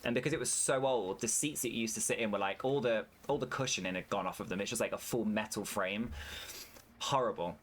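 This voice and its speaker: A man's voice: on the low side, fairly quick, slight background noise. A British man with a British English accent, chatting casually and swearing freely while streaming a farming game and answering his chat. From United Kingdom.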